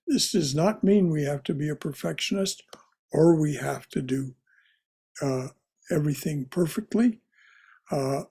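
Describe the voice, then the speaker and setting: Husky-voiced man teaching a class. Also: on the high side. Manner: gentle, often restarts and repeats words. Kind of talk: leading a religious study class.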